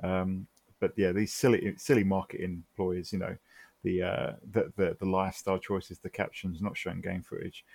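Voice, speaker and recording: Gravelly low-voiced man, emphatic. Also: level tone, normal speed, darkish tone, dry recording. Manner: emphatic, exasperated rhetorical questions. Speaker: podcast co-host. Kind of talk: casual chat.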